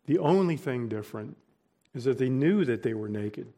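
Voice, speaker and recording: A man preaching a sermon, deliberate and emphatic, pausing between short phrases. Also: mid-range voice, lively intonation, warm tone. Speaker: pastor.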